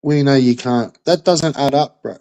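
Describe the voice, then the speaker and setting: A man in a profane rant, talking bluntly and loosely with constant slang and fillers. His voice sits at an ordinary middle pitch. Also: moderate pace, dark tone, rough recording. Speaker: commentator on a streamer. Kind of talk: ranting monologue.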